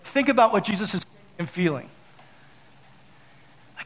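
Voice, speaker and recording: A man preaching a casual sermon, telling a story to his audience and acting out his panic in loud outbursts. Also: high voice, brisk, poor audio. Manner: talks straight to the audience with many fillers.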